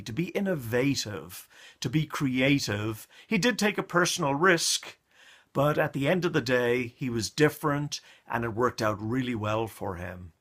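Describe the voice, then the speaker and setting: Bright, lively male storyteller. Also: mid-range voice. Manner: lively, theatrical storytelling with a moral. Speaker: storyteller, communication coach. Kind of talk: motivational story monologue.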